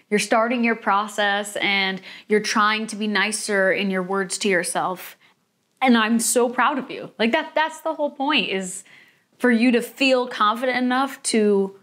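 A woman's voice: mid-range voice, a bit bright. A young adult woman hosting her own vlog, talking in a bubbly, enthusiastic and encouraging way. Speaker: vlog host. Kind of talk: upbeat motivational vlog talk.

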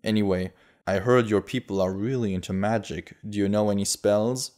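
A man's voice: lowish voice, steady tone, moderate pace, natural voice. A man voicing a brash, ruthless human bandit leader in an audiobook, talking in a cocky, offhand way. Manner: cocky, offhand, shouts when demanding.

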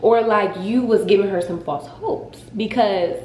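A young woman casually telling a dramatic story on her vlog, in a lively, expressive way. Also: medium pitch, a little slow, a little hiss or hum. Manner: dramatic, animated retelling. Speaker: vlogger. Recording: echoey room.

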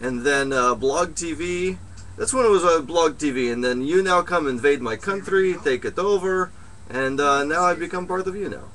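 A man playing a grandiose, deadpan male foreign psychic who speaks broken English and drops articles. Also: a little high, moderate pace, a little hiss or hum. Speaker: comedy performer. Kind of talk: improvised comedy skit.

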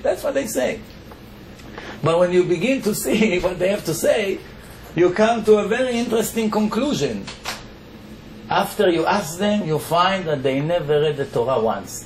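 A man with an Israeli accent lectures on the Torah as a rabbi, his voice sitting high and forceful. He presses his points with short rhetorical questions and answers them himself. The sound is roomy and echoey, with faint noise underneath. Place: lecture hall.

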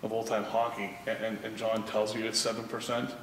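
A man hosting a beer review, telling relaxed, joking anecdotes in a casual interview. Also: fairly low pitch, brisk, slight background noise. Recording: echoey hall.

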